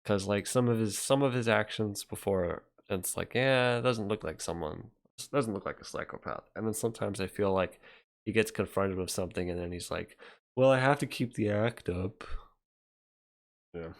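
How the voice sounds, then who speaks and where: Low gravelly young man streaming. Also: moderate pace. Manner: rambling, reacts to chat, trails off. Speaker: livestream host reading chat. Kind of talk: casual livestream chat.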